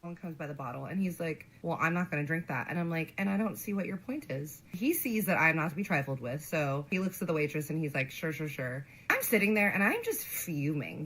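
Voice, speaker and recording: A woman with a low voice tells a date story in a played clip. She sounds indignant and sassy and acts out the back-and-forth quotes herself. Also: fairly bright tone, low-quality recording. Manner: indignant, sassy, acts out both sides of the dialogue. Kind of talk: recounting a bad date.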